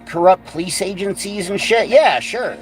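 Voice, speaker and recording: A man's voice: high voice, lively intonation, moderate pace, over music, poor audio. A man vlogging in a heated, rambling rant, swearing constantly and full of fillers. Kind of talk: casual profane rant.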